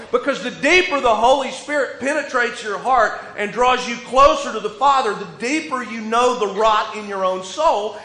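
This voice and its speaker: A man pastor preaching a sermon in a casual, joking way, moving between loud emphasis and quiet asides. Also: sits high, a little hiss or hum. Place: church sanctuary. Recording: echoey room with faint ambience.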